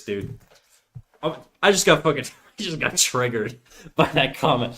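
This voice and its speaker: A man's voice: medium pitch, animated, a little slow, sharp tone. A young man streaming while drawing, chatting with viewers in a joking, ranting way with lots of swearing. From United States. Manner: ranting, joking, heavy swearing, mock outrage.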